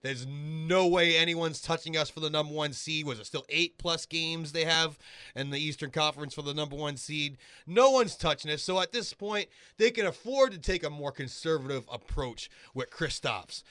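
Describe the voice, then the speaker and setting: Bright-voiced radio producer man. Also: fairly high pitch, normal speed, clear, resonant tone, no room sound. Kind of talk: sports talk radio chat.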